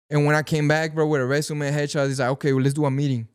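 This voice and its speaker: A young Mexican-American man from Los Angeles tells stories on a podcast, with a slightly high voice and a close, dry mic sound. He moves between Spanish and English and says "bro" every few words. He acts out the people he quotes as the stories run on. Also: level tone, rapid-fire, smooth, no room sound. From Pacoima, California, with a Sinaloan mother. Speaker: podcast guest, actor. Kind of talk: casual storytelling chat.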